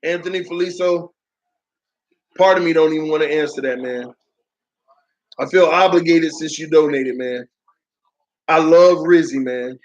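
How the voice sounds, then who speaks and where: A man's voice: a little high, moderate pace, long pauses, low-quality recording. A man reacting to a football game on a live stream, calling plays and dramatically groaning and laughing at viewer comments.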